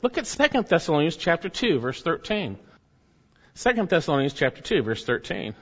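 A man's voice: on the high side, big pitch swings, brisk, a bit bright, big-room sound, dull audio. A man preaching a sermon emphatically, swelling up and then dropping to near murmurs. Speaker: pastor.

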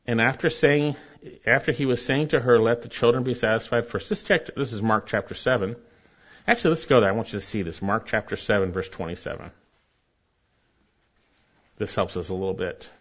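A man's voice: fairly low pitch, a little fast, a bit bright. Earnest male pastor preaching, slightly muffled. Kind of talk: sermon.

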